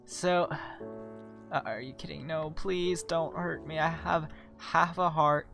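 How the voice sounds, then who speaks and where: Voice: mid-range voice, slow, gravelly, music in the background. Tired, chatty gaming host. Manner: chatty, excitable, rambling with restarts. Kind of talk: casual let's-play commentary.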